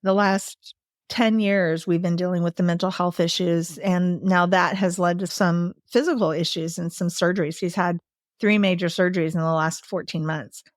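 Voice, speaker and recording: A woman's voice: lowish voice, normal speed, no echo, studio quality. A woman in her sixties, a guest telling caregiving stories in casual conversation, laughing often as she talks. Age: 60s. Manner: lively storyteller, laughs often while talking.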